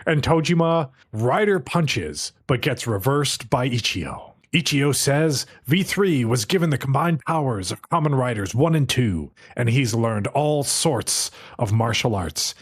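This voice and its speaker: Brief: male podcast co-host, casual plot recap, lively intonation. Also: medium pitch, husky. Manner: narrates the plot, acting out short character quotes.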